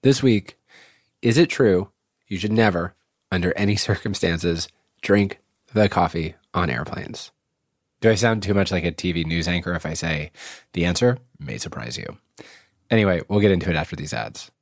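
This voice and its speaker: A man's voice: deep voice, normal speed, dry recording, clean studio sound. A man in his forties hosting an explainer podcast, narrating in a wry, playful way. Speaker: podcast host.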